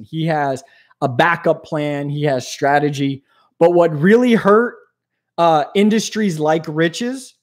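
A man hosting an aquarium channel, talking in an animated, rambling, jokey way on a live stream. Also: on the high side. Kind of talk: casual live-stream talk.

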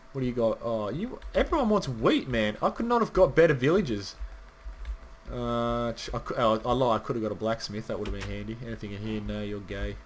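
Some faint background noise sits behind this medium-pitched male voice. The gaming channel host chats casually to his viewers as he plays, wandering from point to point and occasionally cursing.

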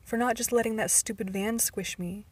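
A wary, prickly teenage girl from a storybook, snapping back in short, clipped lines, as a woman reader gives her voice. The delivery stays fairly flat, with little rise and fall. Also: on the high side, normal speed, slightly rough. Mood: guarded. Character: wary, guarded teenage girl Edward confronts.

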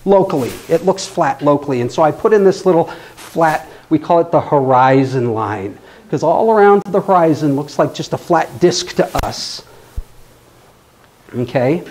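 Male lecturer, slightly raised pitch, playful and chatty, keeps checking in with the room. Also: animated, moderate pace, a little mellow, slight background noise. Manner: playful, often checks in with the audience. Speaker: astronomy club speaker. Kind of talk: live classroom-style lecture.

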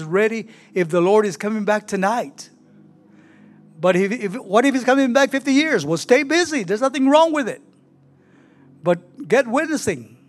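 Pastor, middle-aged man, high-pitched and unhurried, emotional, halting sermon delivery. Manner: slow, emotional preaching with halting restarts. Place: church sanctuary.

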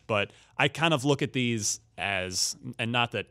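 A man hosting a casual gaming podcast panel, often pausing with fillers and restarting his sentences. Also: mid-range voice, pushed and bright. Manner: hesitant, hedging with fillers. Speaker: podcast host.

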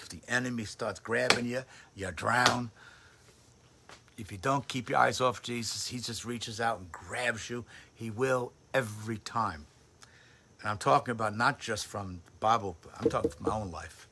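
A man's voice: lowish voice, heavy background noise. A man who is a pastor, giving a conversational sermon on a livestream with emphatic bursts. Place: home livestream setup. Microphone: phone or webcam on a livestream.

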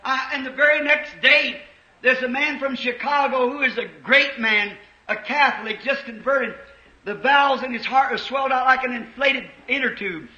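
High-pitched fervent preacher, old recording. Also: male voice, moderate pace. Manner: fervent, storytelling, rising to shouts. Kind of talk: sermon. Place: church. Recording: roomy dull 1950s church recording.

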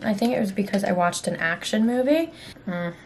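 A young woman in her twenties chats to her phone camera for a casual vlog, and her voice sits at an ordinary middle pitch. She is excitable and talkative and swears freely. There is a faint hiss behind her. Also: a little fast. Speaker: vlogger.

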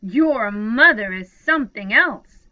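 Sneering bully boys from a picture book, played by a woman reader; taunting and loud, lo-fi recording. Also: on the high side, animated, takes it slowly. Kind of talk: children's storybook read-aloud. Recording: slightly muffled lo-fi sound.

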